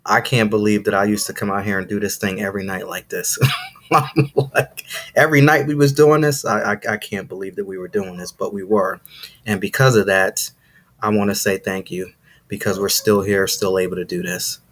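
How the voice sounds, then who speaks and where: This is a man with a fairly low voice who hosts his own podcast and talks straight to his listeners. He preaches motivation like a sermon, leaning hard on repeated lines and a punchy "see". His delivery is excited and emphatic. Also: fairly quick. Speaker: podcast host. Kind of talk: motivational live-stream monologue.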